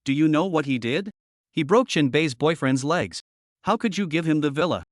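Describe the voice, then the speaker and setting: A man doing a shrill furious mother. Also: animated, moderate pace, no echo, studio quality, natural voice. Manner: shouting, indignant. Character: angry middle-aged mother, shrill and scolding.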